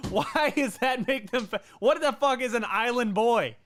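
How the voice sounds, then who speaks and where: A man's voice: very high voice, normal speed, fairly bright tone, slight background noise. A man co-hosting a casual sports podcast, incredulous and sarcastic. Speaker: podcast co-host.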